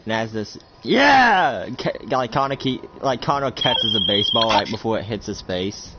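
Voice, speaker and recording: A low-voiced man rambling through a casual role-play as game master, often restarting his sentences. The recording is muffled and lo-fi, with loud noise throughout. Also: a little fast. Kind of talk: casual tabletop-style role-play narration.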